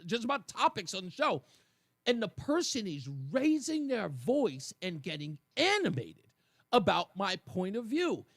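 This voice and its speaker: A man hosting a talk radio show, giving animated commentary and acting out the voices of the people he quotes. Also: high-pitched, dry recording.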